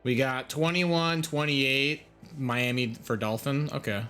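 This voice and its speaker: A man's voice: medium pitch, fairly even intonation, slow, sharp tone, clean tone, faint music behind. A young man chatting casually while streaming a game live, reacting aloud to what happens and to his chat.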